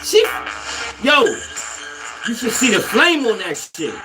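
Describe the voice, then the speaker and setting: A man telling a comic story in a loud, animated and profane way, repeating himself for effect. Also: very high voice, slow pace, over music.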